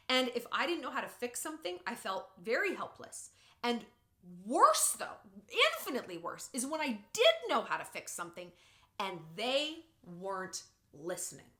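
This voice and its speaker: A woman vlogger giving relationship advice in a casual, expressive and sarcastic way. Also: mid-range voice. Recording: roomy echo.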